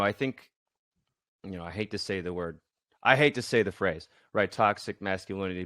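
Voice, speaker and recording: A man's voice: fairly low pitch, a bit bright, dry recording, studio quality. A man hosting a podcast, listening closely with murmured agreement and speaking in hesitant, searching phrases. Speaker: podcast host. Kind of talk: conversational podcast talk.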